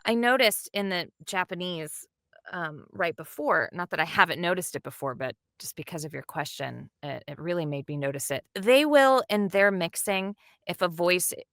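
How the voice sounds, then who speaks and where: Woman, dub director, animated interview chat, low voice, bright tone, dry close sound. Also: no echo. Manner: animated and enthusiastic, quick asides and laughs.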